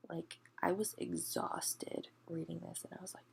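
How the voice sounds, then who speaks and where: A woman ranting in a casual book review, exasperated, often hushed to a half-whisper and peppering her talk with "like". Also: lowish voice, level tone, moderate pace, creaky.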